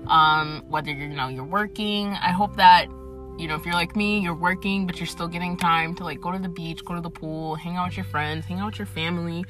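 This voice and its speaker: A woman's voice: lowish voice, fairly even intonation, brisk, over music. A young woman from Atlanta hosting her podcast from her parked car, chatting casually, swearing freely and laughing often. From Atlanta, United States. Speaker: podcast host. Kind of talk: casual chat. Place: parked car in a parking garage.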